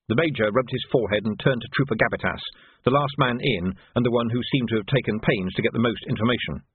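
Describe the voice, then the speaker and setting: A man reading a novel aloud as narrator, in a dry, lively storytelling way. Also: fairly low pitch, fast talker, husky, dry recording. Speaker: audiobook narrator. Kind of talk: scripted narration. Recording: tinny phone-like band.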